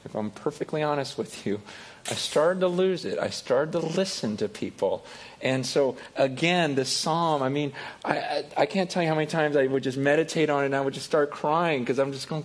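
A middle-aged pastor preaching a sermon, animated, acting out voices, sometimes dropping to a quiet confessional tone. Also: male voice, brisk. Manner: animated, acts out voices with rising pitch and loudness.

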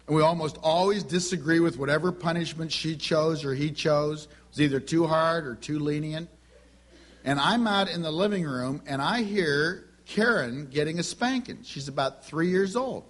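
A middle-aged man preaches a sermon woven with folksy family anecdotes, acting out the dialogue as he tells them. His voice is fairly high in pitch, and he speaks at a normal speed.

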